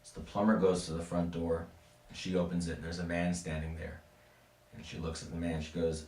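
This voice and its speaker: A man with a deep, low voice tells a spooky story in a casual, playful way, tossing asides to his listeners. His voice rings in a roomy space, picked up from a distance. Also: completely flat delivery, normal speed, pauses often, a little mellow, slight background noise. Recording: echoey room, mic at a distance.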